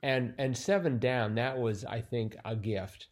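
A man's voice: mid-range voice, unhurried. Rambling man chatting about a puzzle. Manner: rambling, self-interrupting, lots of fillers. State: sleepy. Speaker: crossword podcast co-host. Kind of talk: casual chat.

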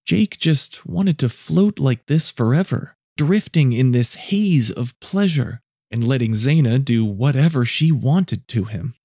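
A man narrates a scripted story in a measured, low-key delivery. His voice is mellow and warm, at a middle pitch. The sound is dry and close. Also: animated, slightly rough, no echo.

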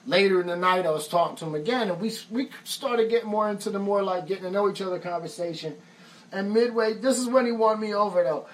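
A man's voice: high voice, fast talker, far from the mic, poor audio. Laid-back American man telling stories. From United States. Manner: laid-back and profane, says "man" often. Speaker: musician and songwriter hosting a live stream. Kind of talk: casual storytelling.

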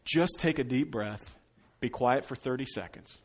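A middle-aged male pastor delivering a sermon at a middling pitch. He moves from strong, raised lines into soft, drawn-out ones and back again. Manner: shifts between loud emphasis and hushed, slowed phrases.

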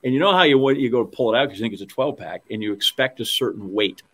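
A man's voice: medium pitch, quick pace, a bit bright. A middle-aged man co-hosting a talk show, telling stories with animation and laughing as he goes. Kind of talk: casual storytelling chat.

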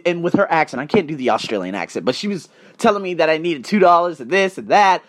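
On his own podcast, a man with a high voice tells personal stories in a casual motivational style, animated and brisk with few pauses. He shifts between loud, emphatic moments and quiet asides.

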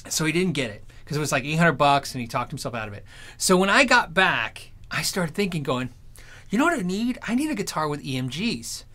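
A man chatting casually on his stream, telling rambling anecdotes in an animated way. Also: a little high, brisk. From Arizona. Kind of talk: casual storytelling chat.

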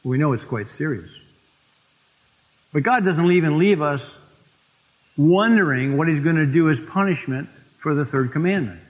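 A man preaching a sermon, telling stories and slowing down to stress scripture. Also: on the high side, expressive. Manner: storytelling, slows for emphasis on scripture. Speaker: pastor. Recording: long reverb of a church hall.

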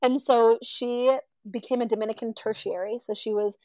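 A woman's voice: on the high side, normal speed, dry recording, rough recording. A woman telling a story casually, acting out the people she quotes. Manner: animated, acts out quoted voices.

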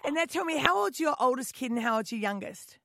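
A woman's voice: sits high, lively intonation, fast talker, creaky, fairly bright tone. A woman co-hosting a radio show, bubbly, asking questions and laughing often. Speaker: radio co-host. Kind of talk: casual radio interview.

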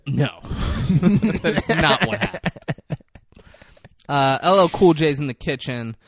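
A man's voice: on the high side, expressive, takes it slowly, no echo. A man casually recapping a movie on a podcast, swearing, laughing and acting out the characters' lines. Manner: profane, laughing, acts out scenes. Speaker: podcast co-host.

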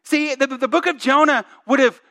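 Male pastor, very high voice, bright tone, casual sermon delivery with rhetorical questions. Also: normal speed. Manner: conversational, asks the congregation questions; reads scripture aloud with emphasis.

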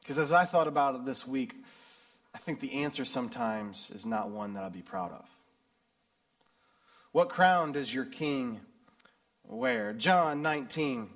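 A middle-aged American man preaching a sermon and reading scripture, swinging between loud emphasis and hushed, low passages. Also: lively intonation, a little slow, gravelly, pauses often. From United States. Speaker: pastor.

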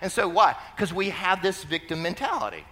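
A high, bright male voice preaching with a lively, swooping delivery. He talks to the congregation casually, then bursts into loud cries when he quotes the figures he is describing. Long reverb from a large hall rings behind him. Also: brisk. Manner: animated preaching, shouting out quoted cries, conversational asides. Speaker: pastor. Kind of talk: sermon.

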